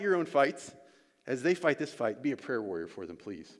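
A man's voice: medium pitch, sing-song, normal speed. A man preaching a sermon as pastor and church elder, earnest and repeating his key lines for emphasis. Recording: long reverb of a large hall.

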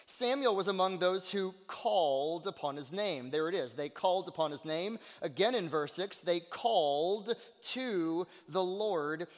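Loud preacher swinging to hushed tones. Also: male voice, high voice, lively intonation, measured pace, hardly any pauses. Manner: swings between loud earnest cries and hushed near-whispers; repeats phrases for emphasis. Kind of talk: sermon. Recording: long hall reverb.

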